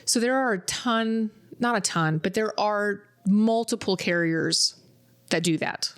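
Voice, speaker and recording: A woman's voice: mid-range voice, measured pace, clear, resonant tone. A woman co-hosting a podcast, chatting casually and acting out what her clients said. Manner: chatty storyteller, acts out clients' quotes. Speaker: podcast co-host. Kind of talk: casual chat.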